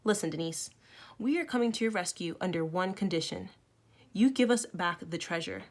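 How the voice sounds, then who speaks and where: A woman's voice: on the low side, lively intonation, normal speed. A woman voicing a bossy boy who leads his friends, speaking firmly and commandingly. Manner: firm and commanding.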